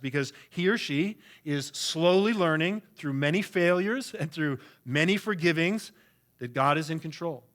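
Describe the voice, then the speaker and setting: A man's voice: fairly high pitch, a bit bright. A pastor preaching a sermon in an earnest, emphatic way, often repeating words as he goes. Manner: earnest, emphatic preaching with frequent word repetitions.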